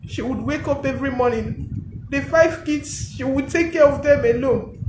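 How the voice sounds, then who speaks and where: A woman giving a personal testimony in a halting, emotional way. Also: high voice, a little mellow, reverberant, a little hiss or hum, poor audio.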